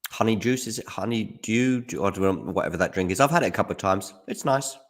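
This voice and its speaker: Speaking quickly in a voice on the low side, a man hosts a live tennis watchalong. He eats chocolate as he chats, relaxed and musing, with hums and fillers.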